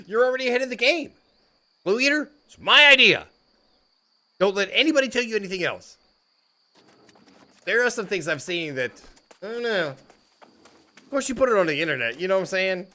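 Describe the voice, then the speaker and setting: Jokey, bright-voiced male streamer. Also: high-pitched, lively intonation, fairly quick, pauses often. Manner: jokey, laughs often, says "dude" and "frickin'". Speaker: livestream host. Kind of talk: casual chat with viewers.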